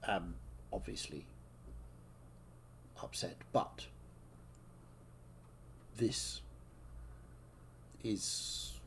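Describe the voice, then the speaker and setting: A man's voice: low-pitched, extremely slow, vocal fry, pauses often, a little hiss or hum. A man playing a tabletop game, speaking hesitantly and dryly. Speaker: player. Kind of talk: tabletop role-play chat.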